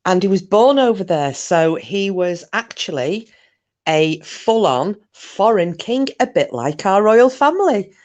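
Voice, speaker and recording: A woman's voice: medium pitch, sing-song, unhurried, darkish tone, highs cut off. A woman from Scotland hosting a casual live chat with viewers, talking in a jokey, rambling way with lots of fillers and restarts. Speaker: live stream host.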